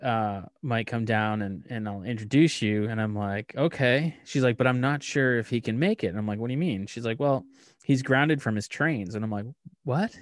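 A man casually telling deadpan stories about his daughter, acting out both sides of the dialogue. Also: on the low side, dry recording, studio quality. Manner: deadpan storyteller who acts out dialogue. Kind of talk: casual chat.

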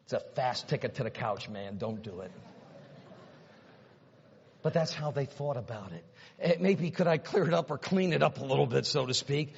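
A man preaching a sermon in a large church, swinging from hushed near-whispers to loud, emphatic runs, repeating words and piling up rhetorical questions. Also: medium pitch, moderate pace, vocal fry, pauses often, breathy edge. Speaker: pastor. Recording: dull, reverberant hall sound.

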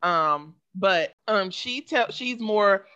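Bright, chatty woman interviewer. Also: medium pitch, animated, slow pace, lo-fi sound.

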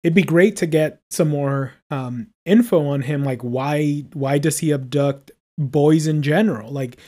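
A podcast co-host with a dark, mellow voice walks through the scenes of a film. The talk is loose and full of filler words. The pitch sits in a middle range. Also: a little slow. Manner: recaps scenes with many likes and ums. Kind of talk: casual film review chat.

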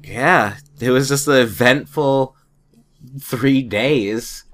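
A man's voice: medium pitch, takes it slowly, a bit bright. A man in a casual chat, telling rambling stories and chuckling often.

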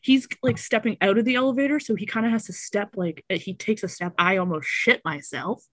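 A woman's voice: medium pitch, brisk, dry recording. A woman telling a story in casual chat, acting out the people in it and swearing freely. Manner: animated, acts out quotes, swears often.

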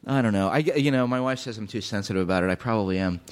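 A man's voice: lowish voice, rapid-fire. A man talking as a podcast guest in casual comedic chat, rambling and self-deprecating with lots of fillers.

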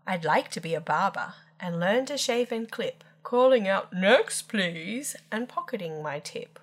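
A woman's voice: lowish voice, expressive, normal speed. A woman storyteller reading children's rhyming poems aloud with lilting, playful emphasis.

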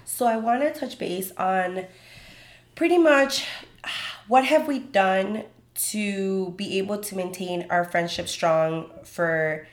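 A young woman co-hosting a casual chat with a friend, telling stories with lots of quoted voices in a chatty, animated way. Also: medium pitch, takes it slowly. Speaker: podcast co-host.

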